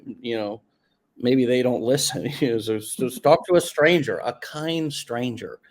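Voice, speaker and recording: A man hosts a relaxed interview, coaching his guest as he talks. He lingers on key words to press a point home, in a voice of middling pitch. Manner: coaching, drawn-out emphatic phrases. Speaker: podcast host. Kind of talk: casual interview chat.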